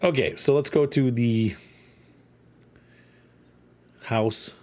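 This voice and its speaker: A gaming channel host chats casually as he plays a farming game, rambling, joking, and talking to himself in playful asides. His medium-pitched voice is a little mellow and very slow.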